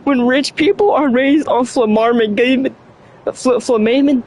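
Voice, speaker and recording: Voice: high-pitched, slow, a little mellow, a little hiss or hum. A young adult streamer chatting casually on a livestream, stumbling over words, laughing often and mocking themself. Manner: laughs often between lines.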